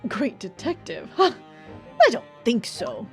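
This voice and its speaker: A gruff, angry sailor, as a woman voices him in a live game dub. He is curt and dismissive, though the voice stays fairly high and lively. Soft music runs underneath. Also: measured pace, full character voice. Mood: surly. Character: gruff angry male ship crewman.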